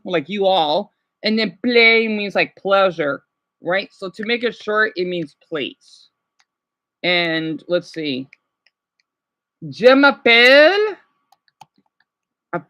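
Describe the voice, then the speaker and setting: A man with a high, pushed, bright voice chats casually with his live chat as a livestreamer. He rambles hesitantly and restarts often.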